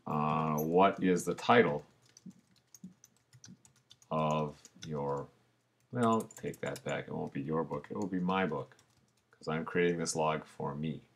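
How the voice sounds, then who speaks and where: A man, a teacher, narrating a screencast tutorial in a relaxed way, talking through each step as he clicks. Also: very deep voice, slow pace, pauses often.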